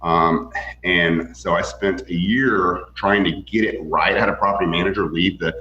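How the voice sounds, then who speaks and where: Man, fairly low voice, rambling storyteller, dull lo-fi echoey recording. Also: steady tone, moderate pace, bright, forceful tone. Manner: rambling, many fillers and restarts. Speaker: real estate broker and guest. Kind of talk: casual storytelling in an interview.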